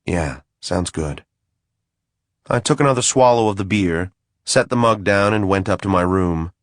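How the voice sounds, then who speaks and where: Man, audiobook narrator, dry wry delivery, low voice, dead dry studio. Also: fairly quick, no echo. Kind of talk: first-person audiobook narration.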